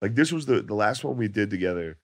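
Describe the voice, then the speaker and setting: A man telling laid-back, profane stories as a comedian guest on a podcast, his voice going hoarse. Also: fairly low pitch, expressive, quick pace, no room sound. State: losing his voice. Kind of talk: casual podcast chat.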